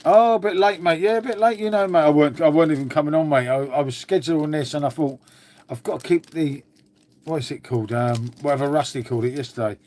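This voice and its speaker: This livestream host from England rambles on, cursing plenty and tossing out "mate" at every turn. His slightly high, somewhat mellow voice moves at a quick pace.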